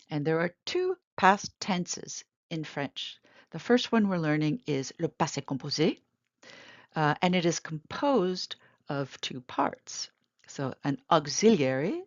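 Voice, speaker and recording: Woman teacher, low and gravelly, patient and clear, lo-fi recording. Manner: patient, clear, repeats examples, gives firm study advice. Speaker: French teacher. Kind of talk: recorded language lesson. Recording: slightly dull lo-fi sound.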